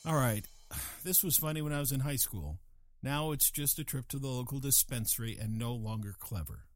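A man's voice: mid-range voice, a little fast, dry recording, soft background music. An older man delivering a scripted comic monologue with a dry, wry manner, slipping into playful voices. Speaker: comedic host.

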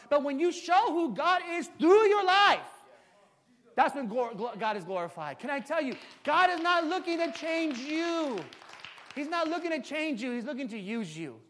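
A man's voice: extremely high pitch, a bit bright. A man in his forties preaching a sermon, telling stories and building to impassioned emphasis. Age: 40s.

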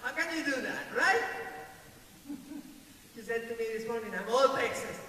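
A woman's voice: a little high, expressive, moderate pace, sharp tone. Older woman preaching with a non-native accent. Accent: non-native English accent. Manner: emphatic, repeats key phrases, laughs lightly. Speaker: pastor. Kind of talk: sermon. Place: church sanctuary. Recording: echoey hall from far off, faint hiss.

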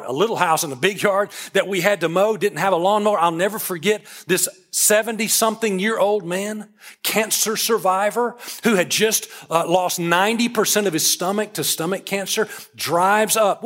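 A man's voice: high-pitched, a bit bright. A man, preaching a sermon, moving from conversational storytelling into emphatic preaching. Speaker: pastor.

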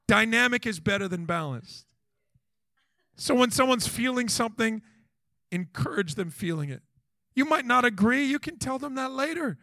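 A man in his thirties delivering a sermon with a fairly high voice. He jumps between earnest counsel and playful mini-scenes of couples talking, asking the crowd question after question. The recording is dry and close, with little room sound. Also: normal speed, no echo. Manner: animated, acts out quoted voices, rhetorical questions. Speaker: pastor.

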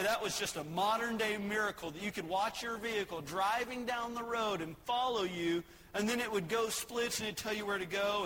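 A male pastor preaching in a church with a long reverb trailing each phrase and a faint hiss behind. His voice sits high and bright, and he mixes plain teaching with homespun, joking stories. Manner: folksy, joking storytelling between points. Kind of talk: sermon. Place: church sanctuary.

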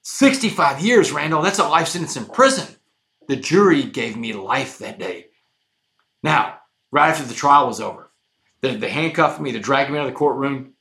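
A man telling his own story as a podcast guest, intense and emphatic, going from hushed lines to shouted ones. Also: mid-range voice, animated, normal speed. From Texas. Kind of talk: dramatic storytelling.

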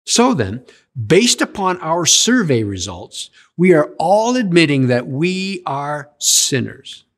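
A man delivers a sermon with a fairly high voice that swings up and down in lively arcs. He keeps questioning his listeners as he preaches. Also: slow pace. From Canada. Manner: animated, questions the audience. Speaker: pastor.

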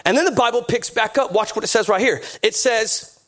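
High-voiced preaching man. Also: brisk, a bit bright. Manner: preachy, emphatic repetition. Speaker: pastor. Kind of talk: sermon.

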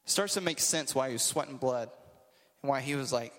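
A man's voice: medium pitch, fairly quick, a bit bright, big-room sound. A man preaching a casual, conversational sermon to a group, with joking asides.

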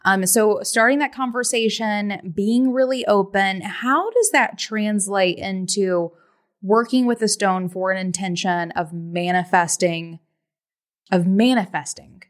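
A woman's voice: mid-range voice, unhurried. Chatty woman podcast host. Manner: chatty, lots of filler "like", laughs easily. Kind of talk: casual chat.

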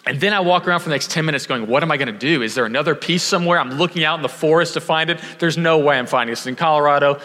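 A male pastor from Houston with a bright, forceful voice, preaching in a room with a long reverb tail. He tells a lively story and switches into other people's voices as he quotes them. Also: a little high, racing, hardly any pauses. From Houston, Texas. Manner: animated storyteller, acts out quoted voices, self-deprecating. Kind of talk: sermon with personal storytelling.

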